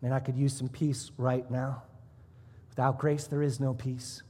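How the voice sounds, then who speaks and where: Pastor guy preaching, husky voice, punches words up and down, big reverby church hall. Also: mid-range voice, little pitch movement, unhurried, mellow. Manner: emphatic, rising and dropping for emphasis. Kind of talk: sermon. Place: church sanctuary.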